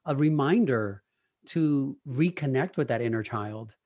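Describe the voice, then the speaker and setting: A man's voice: medium pitch, lively intonation, measured pace, darkish tone. A man co-hosting, chatting casually and reflecting in an easygoing way. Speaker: co-host. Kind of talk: casual chat.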